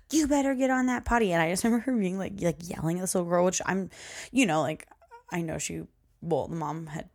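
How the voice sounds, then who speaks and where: Chatty young woman with a gravelly edge. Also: on the low side. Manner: chatty, rambling, laughs often. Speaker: podcast host. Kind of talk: casual solo podcast storytelling.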